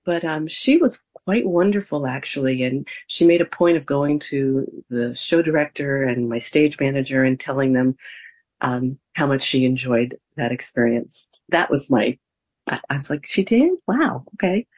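Older woman telling lively anecdotes. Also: extremely low pitch, moderate pace. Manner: animated anecdotes with acted-out quotes. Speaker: interview guest, former theme park performer and interviewer. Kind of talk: storytelling in a conversational interview.

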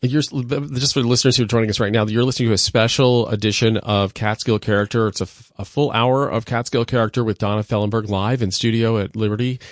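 A man's voice: lowish voice, steady tone, no room sound, clean studio sound. Male radio host making a pledge appeal. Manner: brisk, repeats phone number and totals. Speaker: radio station host running a fund drive. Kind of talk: on-air fundraising appeal. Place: radio studio. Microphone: studio microphone.

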